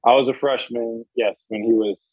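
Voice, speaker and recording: Male athlete guest, thirties, relaxed storyteller, husky voice over a tinny phone line. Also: mid-range voice, normal speed, dry recording. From South Florida. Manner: laid-back, storytelling, laughs often. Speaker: guest, NFL punter. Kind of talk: casual interview chat.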